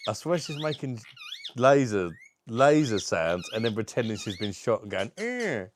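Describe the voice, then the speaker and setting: A man's voice: fairly low pitch, normal speed, slight background noise. Sweary British man teasing his parrot. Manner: sweary, joking, coaxing a parrot to talk. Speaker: vlogger. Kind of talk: casual chat with a pet parrot.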